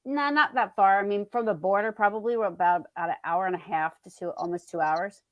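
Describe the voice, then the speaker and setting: A chatty, sociable woman from New Jersey, talking as a guest on a video call. Her voice is mid-pitched and sounds dry and close. She speaks casually and laughs easily. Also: fast, no echo, muffled recording. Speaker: podcast host guest.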